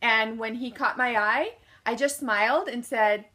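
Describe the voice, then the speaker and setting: A lively woman motivational speaker recounts a personal story with a bright, forceful voice that sits a little high. She acts out what people said and puts questions to the audience, then answers them herself. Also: unhurried.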